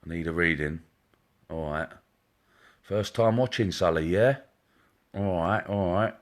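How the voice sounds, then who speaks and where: Low-voiced chummy man. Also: unhurried. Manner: chummy, greets viewers one by one by name. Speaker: psychic medium hosting a live stream. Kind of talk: casual live-stream chat. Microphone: wearing headphones.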